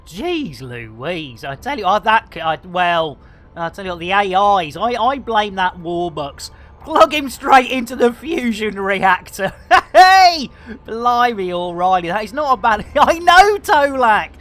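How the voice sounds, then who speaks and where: A woman's voice: mid-range voice, sing-song, measured pace. A woman streaming a game live, joking and calling out greetings to viewers. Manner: jokey, theatrical, shouts greetings.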